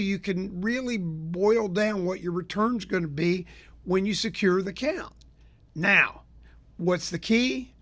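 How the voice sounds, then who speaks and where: A business consultant and show host from the Tampa area of Florida rants to his listeners about sales in a fairly high, folksy, energetic voice. He spins stories the way a consultant would, bringing their characters to life as he goes.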